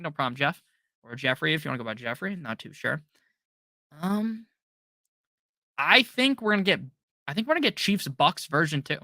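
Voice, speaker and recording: Quick-answering man hosting a live stream. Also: a little high, pushed and bright, no room sound, clean studio sound. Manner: reads viewer questions aloud and answers quickly, joking. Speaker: fantasy football stream host.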